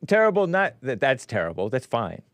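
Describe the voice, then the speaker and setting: A man hosts a streamed commentary show, needling his targets with sarcastic, mocking remarks. His voice is smooth and resonant. The sound is dry and close to the mic. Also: medium pitch, wildly swooping pitch, a little fast, fairly bright tone, no room sound. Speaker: host.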